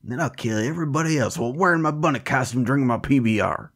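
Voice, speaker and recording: A man voicing an angry hillbilly axe-man in a bunny costume, shouting curses and threats in a raised voice. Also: medium pitch, fast, pitched above the performer's own voice. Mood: furious.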